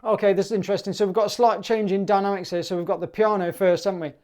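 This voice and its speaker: A man with a British accent teaching a clarinet piece in a relaxed, chatty way, sometimes singing the rhythms in syllables. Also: sits high, rapid-fire, soft background music. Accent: British English. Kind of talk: relaxed music tutorial.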